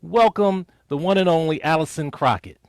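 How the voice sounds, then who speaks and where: An upbeat man hosts an online family sing-along and reads out guest introductions. His voice sits a little high for a man. The sound is dry and close, like a video call. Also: moderate pace, darkish tone, smooth, dry recording. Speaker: host.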